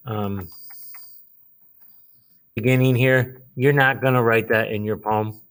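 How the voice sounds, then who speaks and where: A man's voice: mid-range voice, fairly even intonation, unhurried, fairly bright tone, smooth. A male teacher patiently walking students through a writing task step by step, with frequent fillers. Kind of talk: classroom instruction.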